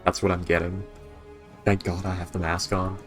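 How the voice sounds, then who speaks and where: Man, player, low voice, wry and joking, faint music. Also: level tone, normal speed. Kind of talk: casual tabletop chat.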